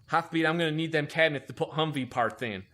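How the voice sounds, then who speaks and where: A man's voice: high voice, animated, fast talker, pushed and bright, voice pushed up, heavily acted. A man putting on the voice of a bossy army chief who talks with a heavy lisp. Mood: demanding.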